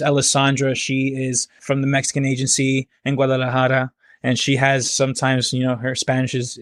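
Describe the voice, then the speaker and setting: A man's voice: mid-range voice, a bit bright, no echo, studio quality. A man, a guest comedian and actor, talking casually and rambling with many fillers and laughs. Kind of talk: casual podcast conversation. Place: home, near Philadelphia.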